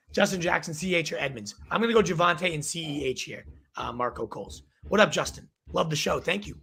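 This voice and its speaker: A young man hosting a live fantasy football advice show, firing off quick verdicts while losing his voice. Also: fairly high pitch, creaky, bright, forceful tone, breathy edge.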